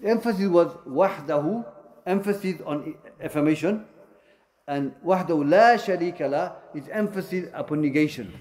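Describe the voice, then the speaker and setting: A man's voice: on the high side, normal speed, a little mellow. A man teaching a religious lesson in a mosque and answering students, explaining in short repeated phrases with many fillers. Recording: echoey room.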